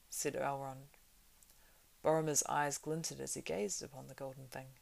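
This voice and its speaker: Woman narrator reading a novel aloud; low, heavily gravelly, steady and plain. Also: normal speed.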